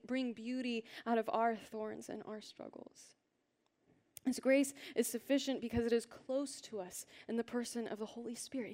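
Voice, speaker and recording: Woman giving a sermon, slightly high voice, earnest and gentle, keeps dropping into soft almost-whispers. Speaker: preacher. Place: church hall with a congregation.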